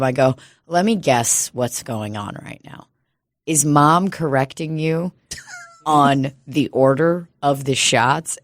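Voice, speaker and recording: A woman co-hosting a podcast, telling stories in a casual, profane, animated way. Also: a bass voice, dry recording, clean studio sound. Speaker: podcast co-host. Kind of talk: casual chat.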